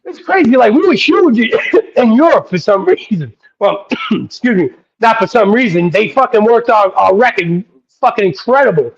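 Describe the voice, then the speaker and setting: A man being interviewed as a guest rapper, telling excited, rambling anecdotes full of profanity. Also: high voice, moderate pace, slightly rough. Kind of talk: casual interview storytelling. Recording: dull lo-fi audio.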